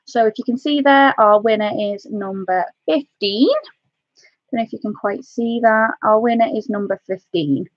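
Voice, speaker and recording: A woman's voice: a little high, moderate pace, dry recording, muffled recording. A woman from North Wales with a Welsh accent hosts a craft live stream, chatting casually and calling her viewers "my love".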